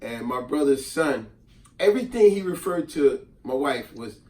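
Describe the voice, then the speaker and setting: A middle-aged man telling a casual story, animated and acting out the people in it. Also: mid-range voice, moderate pace, slight background noise. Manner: animated, acts out voices in quotes. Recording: roomy and distant from the mic.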